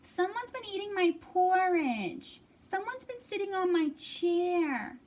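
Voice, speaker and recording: A woman doing a squeaky whiny bear cub. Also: animated, slow pace, darkish tone, exaggerated voice. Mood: grumbling. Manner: squeaky, complaining.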